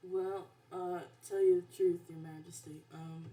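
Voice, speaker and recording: Slow-talking hesitant woman. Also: lowish voice, flat delivery, dark tone, a little hiss or hum. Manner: hesitant, stalling with fillers. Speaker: player.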